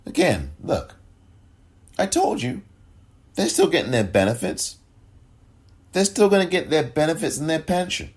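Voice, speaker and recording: A man giving impassioned political commentary, angry and sarcastic, often rising in pitch as he rants. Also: wildly swooping pitch, unhurried, long pauses.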